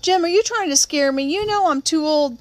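A woman reading aloud and voicing a young tomboy girl who is blunt and curious, her voice pushed higher and pressing. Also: normal speed, natural voice. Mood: pleading.

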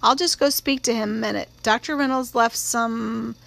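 Storybook older aunt, brisk and proper, fairly high with some gravel; woman reader voicing her. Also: fairly even intonation, a bit bright. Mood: hushed.

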